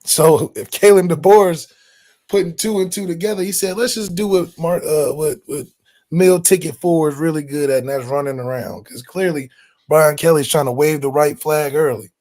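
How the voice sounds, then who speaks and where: A man with a somewhat high voice hosts a casual sports podcast, opinionated and lively. He teases, argues and builds his points in quick bursts. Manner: animated, opinionated, teasing. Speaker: podcast host.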